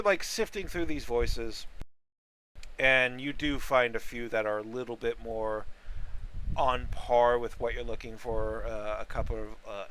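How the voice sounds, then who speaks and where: A man narrating as game master, describing scenes in a halting way with many fillers. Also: mid-range voice, fairly bright tone, slight background noise, rough recording.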